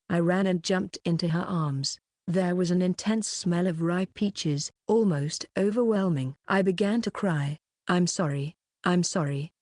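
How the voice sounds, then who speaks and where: A woman with a fairly low voice reads a novel aloud in the first person, steady and even. The sound is dry and close, with no room echo. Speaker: audiobook narrator.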